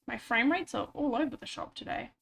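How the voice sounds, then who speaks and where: A woman's voice: on the high side, brisk, vocal fry, fairly bright tone. A woman with a stuffy nose, chatting casually and rambling with self-mocking asides while she streams a game at home on a desk microphone. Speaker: livestreamer. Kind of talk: casual chat while gaming.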